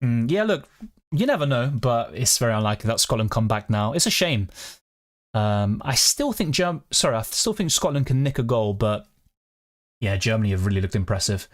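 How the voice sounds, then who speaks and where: A man's voice: medium pitch, sing-song, normal speed. A man talks casually on a home live stream. He chats loosely and swears freely while reading out viewer comments. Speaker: fantasy football streamer.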